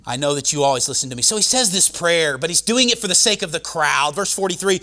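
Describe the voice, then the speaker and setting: A man preaching a sermon, swinging between loud proclaiming and hushed, dramatic storytelling. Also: a little high, expressive, fast, few pauses.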